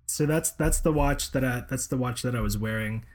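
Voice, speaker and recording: A man co-hosting a casual chat, talking haltingly with restarts and hedges. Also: medium pitch. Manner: halting, hedging, trails off. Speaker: co-host.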